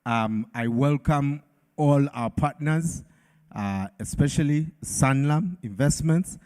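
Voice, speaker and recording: A man's voice: mid-range voice, slow pace, a little mellow, smooth. A man with a Ugandan accent moderating a live product launch in an event hall, hyping the crowd with call-and-response.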